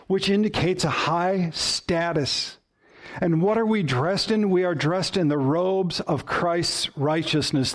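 A man preaching from the pulpit with a slightly raised pitch. He speaks slowly and deliberately, leaning into each phrase with earnest warmth of purpose. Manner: slow, earnest preaching that drops soft and low at the close. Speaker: pastor. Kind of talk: sermon.

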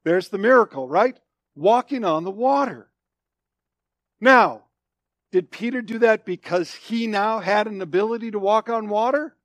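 High-voiced, slow-speaking male preacher. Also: no room sound. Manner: emphatic preaching that swings between loud declarations and hushed, low phrases; repeats and restates phrases for emphasis. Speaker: pastor. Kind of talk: sermon.

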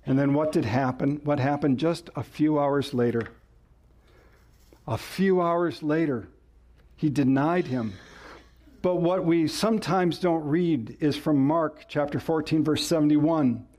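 A man's voice: on the high side, unhurried, darkish tone. A male pastor preaching a sermon, rising and falling sharply for emphasis and asking the congregation questions.

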